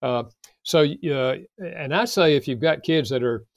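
An older man, a guest author, calmly explaining parenting advice with everyday examples in an interview. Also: on the high side, no echo. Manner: calm, measured, explains with examples.

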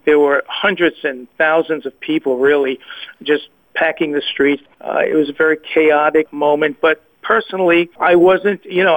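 A man giving a personal faith testimony as a guest, hesitant, often repeating and restarting his words. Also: fairly high pitch. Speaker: guest sharing a personal story. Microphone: phone call. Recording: tinny phone line.

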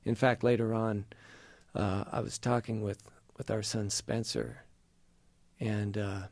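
A middle-aged man telling an earnest, emotional faith story in conversation, pausing and halting as he goes. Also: lowish voice, flat delivery, a little mellow, dry recording. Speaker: guest sharing a personal faith story. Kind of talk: conversational testimony.

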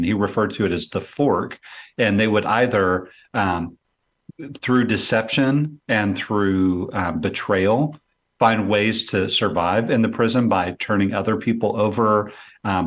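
A man in his forties, a guest on a radio talk show, explaining in a relaxed way with many fillers. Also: lowish voice. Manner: relaxed, explanatory, frequent "um" and "you know". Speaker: guest apologist. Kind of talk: casual radio conversation.

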